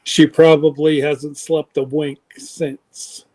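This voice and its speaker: A man's voice: a little high, flat delivery, takes it slowly, darkish tone. A man co-hosting a casual chat, dropping short, dry quips. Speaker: podcast co-host.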